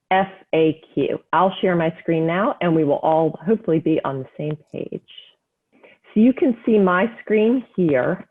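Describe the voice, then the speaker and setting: Lady hosting a county webinar, calm and clear, spells stuff out slow, tinny phone-ish sound. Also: low-pitched. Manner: clear, measured, spells things out slowly. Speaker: webinar host, county economic development staff. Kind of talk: scripted webinar presentation.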